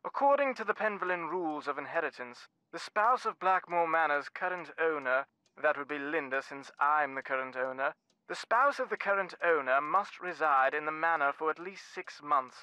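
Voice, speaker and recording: Posh manor lord, formal and fed up, bright tone. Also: male voice, on the high side, clear, resonant tone, no room sound, rough recording. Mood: exasperated. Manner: formal, measured, exasperated. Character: aloof, well-spoken English lord of a manor.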